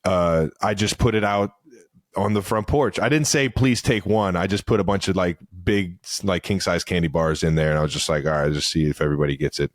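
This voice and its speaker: Laid-back low-voiced man bantering. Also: moderate pace, no echo, studio quality. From Cleveland, Ohio. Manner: loose, laughing, swearing banter. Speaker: podcast co-host. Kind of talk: casual chat.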